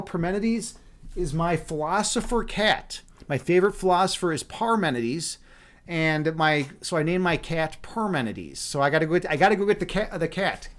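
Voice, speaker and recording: Chatty high-voiced man on a livestream. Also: fairly bright tone. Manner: chatty, rambling with restarts, playful. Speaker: livestream meditation host. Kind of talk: casual live-stream chat. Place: at home. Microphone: webcam.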